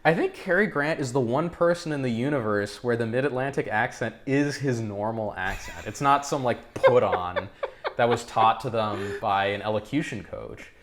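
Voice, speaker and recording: A man's voice: medium pitch, moderate pace, slight background noise. A man co-hosting a movie podcast, chatting casually with lots of fillers and laughter. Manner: animated, laughing, filler-heavy. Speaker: podcast co-host. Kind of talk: casual film chat.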